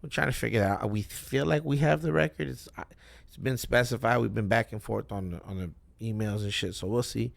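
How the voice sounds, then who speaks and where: A man rapper as a guest, talking in a loose, profane, rambling way while high, often cutting himself off. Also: brisk, gravelly. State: high, with cotton mouth. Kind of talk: casual live-stream chat.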